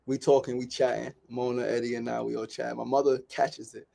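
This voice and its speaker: A man hosting a show, telling a story in a casual, animated way and acting out other people's voices. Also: medium pitch, fairly quick, gravelly. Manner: animated, repeats "right?" and "like", acts out quoted voices. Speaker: podcast host.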